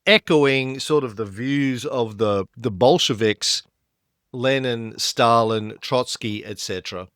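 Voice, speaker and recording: A man's voice: medium pitch, slow pace, fairly bright tone, clean tone, dry recording, clean studio sound. A man co-hosting a history podcast, explaining events with frequent fillers and restarts. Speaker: podcast co-host.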